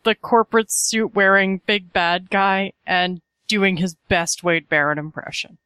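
A woman's voice: medium pitch, fairly even intonation, unhurried, pushed and bright, smooth, dry recording. Woman co-host, easygoing wry chat, dry close sound. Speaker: podcast co-host. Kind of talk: casual chat.

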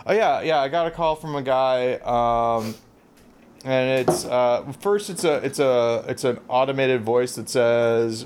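A man's voice: medium pitch, measured pace, noisy background. A man co-hosting a podcast in casual chat, telling rambling self-deprecating stories full of fillers. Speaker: podcast co-host.

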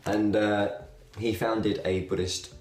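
A young man with a low, deep voice chats to his viewers in a relaxed, rambling way, full of "um"s and little laughs. He is recorded in a noticeably echoey room. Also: slow, faint music behind. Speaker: video blogger. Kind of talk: casual talk to camera.

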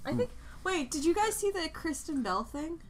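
A woman's voice: very high voice, very animated, normal speed, slight background noise. A woman co-hosting a casual podcast, chatty and blunt, swearing now and then. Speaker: podcast co-host. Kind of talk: casual chat.

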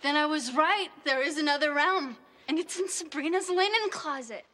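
A woman's voice: sits high, moderate pace, bright, forceful tone. An actress playing a curious teenage girl who asks amazed questions in a strange new place, in a sitcom clip. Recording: TV soundtrack with music behind.

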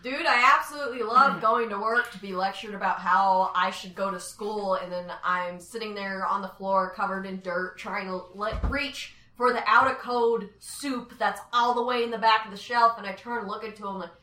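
Young female co-host, lively anecdotes, bright voice, echoey room. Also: mid-range voice, moderate pace, few pauses, far from the mic. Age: young adult. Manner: animated storyteller, swears, laughs often. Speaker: podcast co-host. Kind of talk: casual chat.

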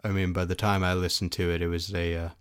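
Very deep-voiced young man, rambling. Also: level tone, quick pace, clean tone. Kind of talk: casual chat.

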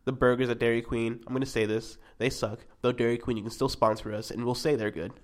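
A man's voice: mid-range voice, level tone, fast talker. A young man in casual chat, rambling and self-mocking as he tells stories to a friend.

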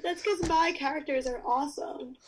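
Podcast guest, woman, high voice, talks fast, playful. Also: background noise. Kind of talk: casual podcast chat.

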